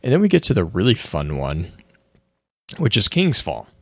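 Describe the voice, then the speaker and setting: Um homem que co-apresenta um podcast num bate-papo casual, com voz grave e áspera. A entonação dele é bem animada e ele divaga, reformulando frases com frequência. O som é seco e próximo. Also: male voice, on the low side, wildly swooping pitch, moderate pace, no echo. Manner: rambling, restarts often. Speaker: podcast co-host. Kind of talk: casual chat.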